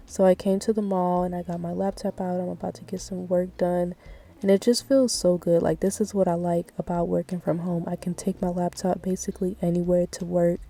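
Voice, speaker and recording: A woman's voice: on the low side, vocal fry, dark tone, slight background noise, poor audio. A young woman and mother, talking casually to her phone camera in a chatty vlog, full of "like" and "y'all". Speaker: vlogger and mother.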